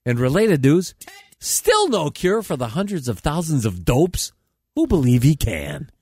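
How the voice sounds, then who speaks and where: A man's voice: on the high side, huge pitch swings, a little slow, darkish tone, husky. A man reading joke news stories in a mock-serious way, often breaking into laughter. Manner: laughs through his own lines, mock-serious. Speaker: comic news reader.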